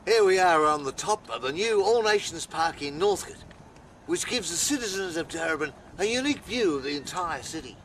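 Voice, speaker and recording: An actor playing a brash, boastful Australian property developer giving a speech outdoors. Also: male voice, high voice, expressive, normal speed. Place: outdoors, city rooftop. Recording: outdoors with traffic noise.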